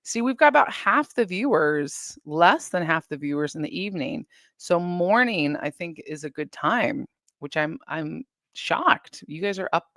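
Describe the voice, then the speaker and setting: A woman hosts a casual livestream from her home, chatting to her viewers and reading their comments aloud. Her voice sits a little low. The sound is dry, with no echo around it. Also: expressive, measured pace, a bit bright. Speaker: livestream host.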